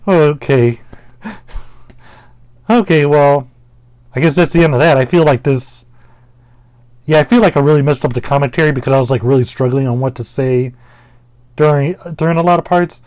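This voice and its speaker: A man's voice: on the high side, moderate pace, pauses often, darkish tone, no room sound. A man giving casual, rambling gameplay commentary, full of fillers, restarts and the odd swear word. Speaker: gaming commentator.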